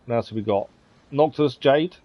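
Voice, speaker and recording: A man's voice: medium pitch, normal speed, no echo, lo-fi sound. A male streamer giving casual let's-play commentary, thinking aloud and hesitating with frequent ums.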